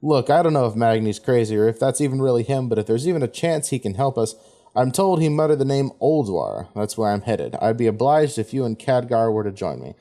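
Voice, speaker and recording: An earnest dwarf, read by a man in his own plain voice without any accent. The tone is mellow and the pitch moves a lot. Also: expressive, a little fast, natural voice.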